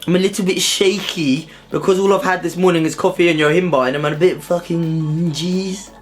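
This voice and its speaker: A young British man vlogging casually to his own camera at home and in his car, excitable, slangy and full of swearing. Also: high-pitched, normal speed, faint music behind. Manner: excitable, slangy and sweary, keeps saying "mate". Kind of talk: casual vlog chat to camera. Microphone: self-filmed camera.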